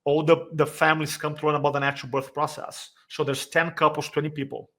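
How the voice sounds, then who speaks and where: A man's voice: on the high side, flat delivery, quick pace, a bit bright. A man telling an emotional personal story as a podcast guest, acting out the voices he quotes, with slightly non-native grammar. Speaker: podcast guest, speaking coach. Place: San Diego area.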